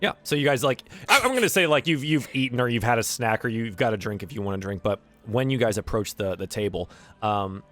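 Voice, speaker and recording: A man's voice: mid-range voice, fast, hardly any pauses, music in the background. A man narrating a tabletop game as game master, casual and loose with many filler words.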